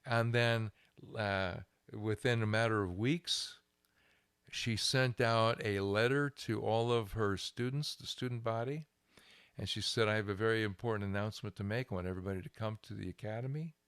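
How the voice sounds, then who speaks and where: An older man, a guest minister, telling a lively anecdote in an interview, chuckling and restarting his phrases. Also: lowish voice, normal speed, clear, resonant tone, no echo, clean studio sound. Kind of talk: storytelling interview.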